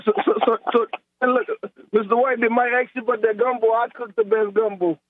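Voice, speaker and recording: A man with a thick South Louisiana accent rambles along easily, repeating words as he talks. His voice sits fairly high for a man and comes through a thin, tinny phone line. The sound is dry and close. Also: little pitch movement, brisk, no echo. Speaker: head track coach. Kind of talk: phone-in interview.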